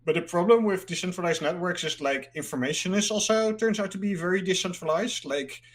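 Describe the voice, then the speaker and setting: A man's voice: sits high, a little fast. A man from the Netherlands, a guest in a casual interview, rambling and filling his talk with "like.". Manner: rambling, fills speech with "like", laughs easily.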